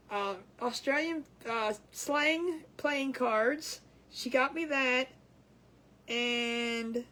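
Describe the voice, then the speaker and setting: A woman's voice: high-pitched, pushed and bright. A woman hosting a casual craft livestream, chatty and giggly, rambling with restarts as she works.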